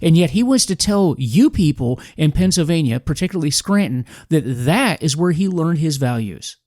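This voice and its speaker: A man's voice: fairly high pitch, very animated, moderate pace, darkish tone, dry recording, studio quality. Emphatic man hosting a political podcast. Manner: emphatic, combative, preachy. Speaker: podcast host. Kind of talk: political commentary monologue.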